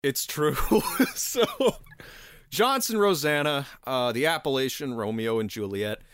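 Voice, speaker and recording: A man's voice: mid-range voice, expressive, a little slow, a bit bright, smooth, dry recording, clean studio sound. A man hosting a casual podcast and telling a history story, sarcastic and laughing, swearing often and tripping over his words. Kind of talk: casual chat.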